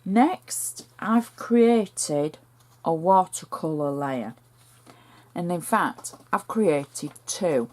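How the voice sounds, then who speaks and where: A woman with a northern English accent walks through a handmade card, step by step. Her voice sits low and she takes her time, chatty and homely as she explains each stage of the craft. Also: expressive, extremely slow, darkish tone. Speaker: crafter demonstrating a card project.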